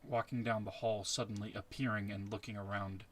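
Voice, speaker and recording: A man narrating a tabletop game as its game master in a slow, measured way. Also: fairly low pitch, flat delivery, fairly bright tone, slight background noise.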